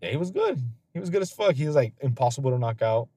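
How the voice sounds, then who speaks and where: A man's voice: medium pitch, very animated, fast talker, warm tone, breathy edge, no room sound. A man hosting a casual podcast chat, telling stories loosely with lots of swearing and frequent laughter. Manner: loose, profane storytelling; laughs often. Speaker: podcast host.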